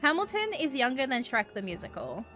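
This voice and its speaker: Woman, Americanized Australian accent, game streamer, rambling, swears, fairly high voice, bright tone. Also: very animated, brisk, soft background music. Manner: rambling, many "like" fillers, swears freely. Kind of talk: casual live-stream chat.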